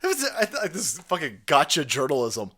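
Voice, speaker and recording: Brief: male commentator, mocking and crude, animated and up-pitched. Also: brisk, breathy edge. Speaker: online commentator. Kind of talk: profane reaction commentary.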